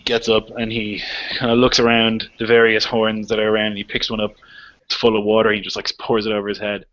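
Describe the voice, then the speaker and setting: Low, bright-voiced man running a game. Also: completely flat delivery, fairly quick. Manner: loose and rambling, full of "like" and "um". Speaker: game master. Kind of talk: casual tabletop narration. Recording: lo-fi, dull recording.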